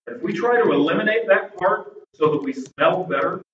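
A man preaching a sermon to his congregation, animated and acting out people's reactions. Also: high-pitched, fairly quick, slight background noise. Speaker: pastor. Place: church sanctuary. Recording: echoey, distant, dull church recording.

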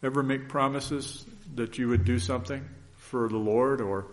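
A man's voice: medium pitch, fairly even intonation, moderate pace. A man preaching a conversational sermon in an earnest, folksy way, often restarting his sentences.

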